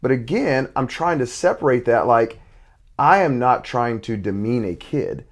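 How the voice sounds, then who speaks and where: A man's voice: mid-range voice, lively intonation, a little slow. A middle-aged man, a basketball coach and father, talking intensely in casual conversation with many restarts.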